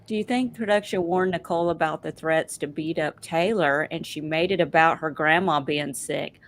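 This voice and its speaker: A woman's voice: sits low, moderate pace. A woman co-hosting a casual reality TV podcast, blunt and sarcastic. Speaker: podcast co-host. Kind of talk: casual chat.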